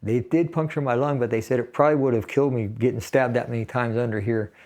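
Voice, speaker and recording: He talks fast in a mid-range, darkish voice with fairly even intonation. A Navy veteran in his sixties from the San Fernando Valley, California, he casually relates a personal story in an interview, laughing even at the grim details.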